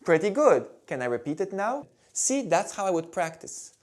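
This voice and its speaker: A man teaching violin intonation in a calm, clear, demonstrative way. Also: high voice, moderate pace, faint music behind. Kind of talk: instructional video talk.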